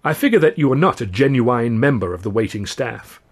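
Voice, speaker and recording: A man's voice: medium pitch, lively intonation, brisk. A man voicing a genial, polite big male singer with a melodious, courteous way of speaking. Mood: amused. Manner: courteous, gently probing.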